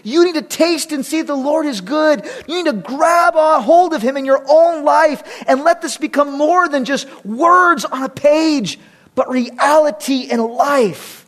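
A man pastor preaching a sermon, emphatic and repetitive, with humorous asides between his points. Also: very high-pitched. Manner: emphatic, repetitive, rising and dropping for effect.

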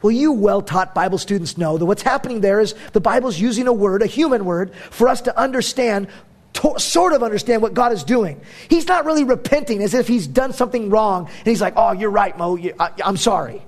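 A man's voice: high voice, expressive, brisk, a little mellow. A man preaching a sermon as a pastor, conversational and emphatic, with casual fillers.

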